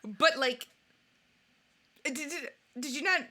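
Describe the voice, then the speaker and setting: Animated, bright-voiced woman podcast co-host. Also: sits high. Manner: animated, joking, fast and rambling. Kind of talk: casual chat. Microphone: podcast microphone.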